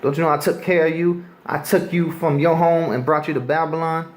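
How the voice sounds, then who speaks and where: A man's voice: a little high, steady tone, brisk, voice pushed up, natural voice. A man voicing an angry, boastful ancient king who scolds his captives in an indignant, raised voice.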